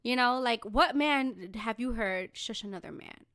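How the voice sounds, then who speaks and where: A woman's voice: on the high side, measured pace, crowd noise. A young woman co-hosting a podcast in casual chat, sassy and emphatic, often laughing and swearing. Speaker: podcast co-host.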